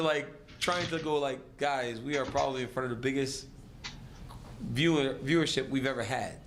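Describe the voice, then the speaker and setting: A man's voice: fairly high pitch, noisy background. A man, a fighter, casually telling a story, acting out the voices of the others and laughing along. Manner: animated, acts out the other voices and laughs between lines.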